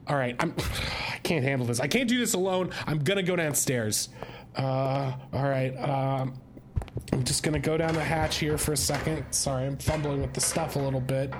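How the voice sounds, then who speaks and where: A man vlogging in a casual, comedic way, talking in a halting, stammering manner. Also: mid-range voice, noisy background. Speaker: vlogger exploring a house. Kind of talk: casual comedic vlog chat.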